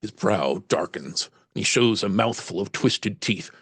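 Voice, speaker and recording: A man's voice: on the low side, lively intonation, unhurried, a bit bright, slightly rough, dry recording. A man narrating a solo tabletop horror game as game master, reading passages aloud and musing over the choices. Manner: reads aloud, then muses on choices.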